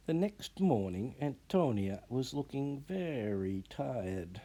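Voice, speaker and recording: A man reads a children's storybook aloud in a measured, expressive way. His pace is unhurried and his pitch rises and falls animatedly.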